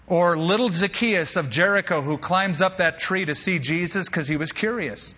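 A man preaching with a lively, bright voice that rises a little high, slightly husky at the edges. He tells stories with playful asides. The sound is dull and lo-fi, with a long hall reverb. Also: moderate pace, few pauses. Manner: animated storyteller with humorous asides. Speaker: pastor. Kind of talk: sermon.

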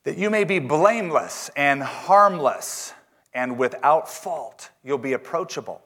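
A man preaching a sermon in church, reading scripture slowly and emphatically, with joking asides. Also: a little high, lively intonation, a bit bright. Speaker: pastor.

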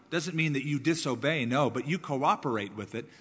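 A man preaching with force, repeating words to drive each point home. His voice sits a touch high and slightly husky. It carries the long reverb of a large sanctuary. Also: expressive, a little fast. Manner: emphatic, repeats words for stress, shifts between loud and soft. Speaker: pastor. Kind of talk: sermon.

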